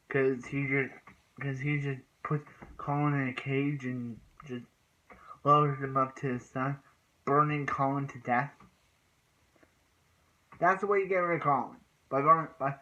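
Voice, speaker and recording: A man's voice: fairly high pitch, sharp tone, muffled recording. A man casually recapping and reviewing a TV episode, rambling with many restarts and fillers and bursts of exasperation.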